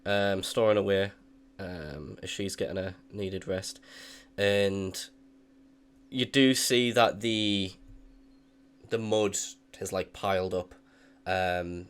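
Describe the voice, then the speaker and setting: Low-voiced young man running a game. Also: slow pace, smooth. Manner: relaxed, hesitant narration, full of fillers. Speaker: dungeon master. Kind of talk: narrating a tabletop game.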